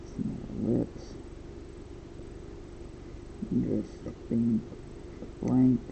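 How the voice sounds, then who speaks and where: A man's voice: mid-range voice, level tone, drawn-out words, vocal fry, background noise. A man in his twenties chatting casually and rambling while he draws a comic. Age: 20s. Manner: rambling, thinking aloud. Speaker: comic artist. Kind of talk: casual chat while drawing.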